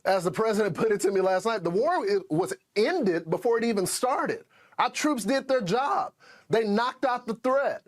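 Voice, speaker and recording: Earnest high-voiced male commentator. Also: lively intonation, normal speed. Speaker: commentator in a played clip. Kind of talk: broadcast commentary.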